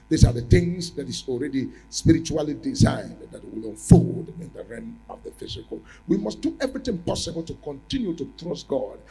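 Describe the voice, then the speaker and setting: A man preaching a prophetic sermon, repeating his phrases and breaking into sudden loud rises. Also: fairly high pitch, breathy edge, rough recording.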